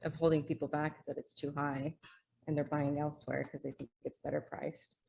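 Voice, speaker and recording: Woman playing the seller, low voice, short plain answers. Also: flat delivery, fairly quick, gravelly, darkish tone, a little hiss or hum. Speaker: playing a home seller in a role-play. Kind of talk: seminar role-play.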